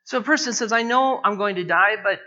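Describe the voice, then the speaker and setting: A man preaching an expository sermon, repeating his phrases and slowing down, his pitch rising as he presses each point home. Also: sharp tone. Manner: repeats phrases, slows down and rises in pitch for emphasis. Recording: dull lo-fi recording.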